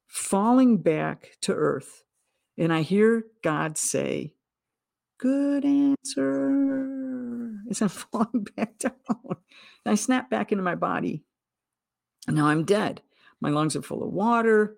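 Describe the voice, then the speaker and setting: A woman's voice: on the low side, creaky, dry recording, studio quality. A middle-aged woman telling her own story as a podcast guest, earnest and vivid, acting out what people said. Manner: earnest, vivid retelling with acted-out quotes. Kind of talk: personal storytelling.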